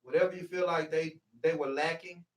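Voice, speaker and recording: A man with a high voice gives a preachy motivational talk on healing. He presses each point hard and keeps circling back with "see". He sounds set back from the mic in an echoey room. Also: steady tone, brisk, distant mic. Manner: preachy, repeats "see" to drive points home. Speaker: healing speaker.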